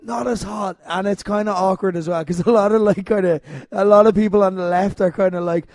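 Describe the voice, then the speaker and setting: A man hosting a podcast, his voice sitting noticeably high and recorded close and dry. He sounds a little unwell but keeps the chat rolling, laughing often and drifting into asides. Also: brisk, few pauses, a little mellow, dry recording. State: unwell, voice failing. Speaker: podcast host. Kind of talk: casual chat.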